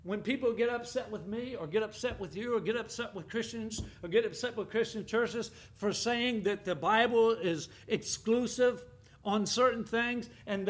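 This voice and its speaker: A man with a high voice preaches an emphatic sermon. He swings from loud, stressed scripture quotes to quiet, hushed appeals. He talks as a pastor addressing his congregation. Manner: emphatic preaching, rising and falling, drops to a hush for appeals.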